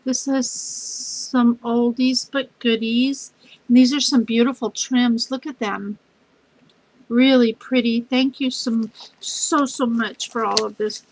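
A woman's voice: on the high side, steady tone, takes it slowly, no room sound, rough recording. A middle-aged woman, gushing as she unboxes a craft gift package for her channel. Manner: gushing, effusive, says y'all.

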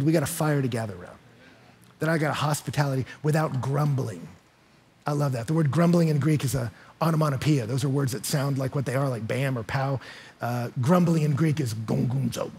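Pastor, man, high husky voice, lively storyteller acting out every quote. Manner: energetic storyteller acting out quotes, rising loud and high in excitement; repeats words when starting sentences. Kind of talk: sermon. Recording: live church sanctuary.

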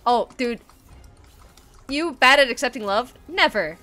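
A high, bright-voiced woman streaming games live, bouncing all over her range as she gushes to her viewers. She swears freely, squeals and breaks into laughter between lines, all in loose, casual chat. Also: a little slow, faint music behind. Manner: excitable, gushing, swears a lot. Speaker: game streamer.

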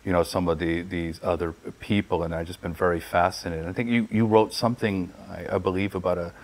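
A man interviewing a guest in casual conversation, halting and restarting often. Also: sits low, fairly even intonation, low-quality recording. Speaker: interviewer, professor.

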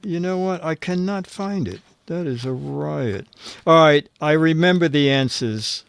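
A man's voice: on the high side, a little slow, creaky, smooth, no room sound. A man hosting a casual streamed show, reading viewer answers aloud, fumbling through his papers and chuckling at the jokes. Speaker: show host.

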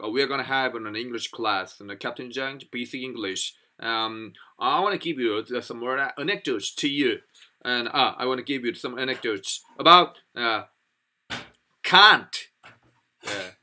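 A man with a Korean accent teaching English pronunciation in a casual spoken lesson, halting with many fillers and restarts. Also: medium pitch, bright, forceful tone.

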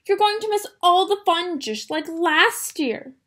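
A woman's voice: very high voice, animated, a little slow, bright, forceful tone, pitched above the performer's own voice, full character voice. A woman reading as Lucy, a bossy scolding girl.

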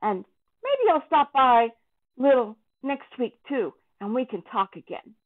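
A woman doing an eager high puppet boy. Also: big pitch swings, unhurried. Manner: cheerful, coaxing, talks straight to children. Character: friendly young boy puppet, eager and chatty. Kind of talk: children's church puppet talk. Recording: tinny, phone-like sound.

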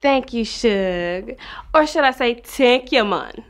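A woman's voice: on the high side, expressive, takes it slowly. An actress playing a sassy, teasing female police officer. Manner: sassy, drawn out.

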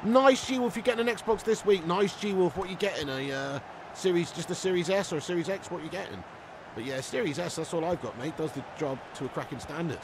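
A man doing live commentary on his game stream, excitable, yelling at plays and chatting with viewers. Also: high voice, a little fast, noisy background.

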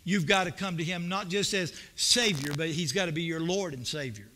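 A man preaching in a church with a high, ringing, forceful voice. He tells homespun stories and swells into emphatic, repeated questions. The delivery moves between soft, conversational asides and bursts of preaching. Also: brisk, a little hiss or hum. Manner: folksy, storytelling preacher with rising emphatic bursts. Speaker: pastor. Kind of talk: sermon. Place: church sanctuary.

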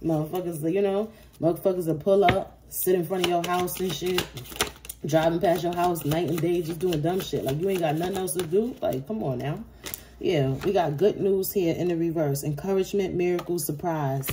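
A woman's voice: fairly low pitch, moderate pace. A woman giving a casual tarot reading to her viewers, blunt, profane and often laughing. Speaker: tarot reader. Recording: noisy with card shuffling clicks.

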